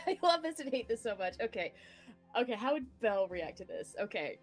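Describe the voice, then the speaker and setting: A woman playing a tabletop game who talks in an excitable, giggly, rambling way. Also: on the high side, a little fast, soft background music. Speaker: player. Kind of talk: casual tabletop play.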